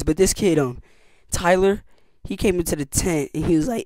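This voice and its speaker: A teenage boy telling camp stories in a casual vlog, slangy and animated, acting out what people said with big jumps in his voice. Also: fairly high pitch, fairly quick, no room sound. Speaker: youtuber.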